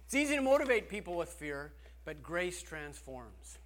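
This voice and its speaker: Man preaching, high voice, earnest and conversational, restarts sentences. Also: sing-song, normal speed, fairly bright tone. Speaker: pastor. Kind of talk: sermon.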